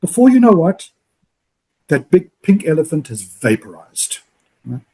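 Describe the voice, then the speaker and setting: A man's voice: on the high side, measured pace, breathy edge. A man co-hosting a podcast, coaching with energy and acting out sample phone calls. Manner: animated, acts out phone calls in other voices. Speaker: podcast co-host, loan officer.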